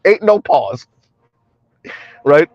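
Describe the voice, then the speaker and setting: A man's voice: fairly high pitch, very animated, very slow, no room sound. Man, middle-aged, livestream commentary, colloquial, laughs a lot, muffled sound. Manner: chuckling often, loose and colloquial. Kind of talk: casual livestream commentary, reading chat aloud.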